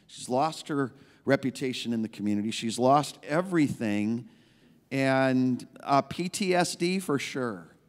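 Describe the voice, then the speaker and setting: A man's voice: medium pitch, lively intonation, measured pace. A male pastor preaching a sermon in a conversational, emphatic way, repeating key phrases. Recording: long reverb of a large hall.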